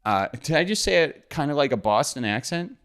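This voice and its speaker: Folksy joking podcast host. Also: male voice, a little high, very animated, a little fast, a bit bright, clean tone. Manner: folksy, joking, rambling asides. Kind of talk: casual solo podcast intro.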